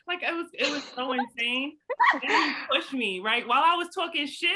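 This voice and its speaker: A young woman from Brooklyn, telling a story in casual chat, animated and slangy. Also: high voice, fairly quick. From Brooklyn, USA. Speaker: book club host.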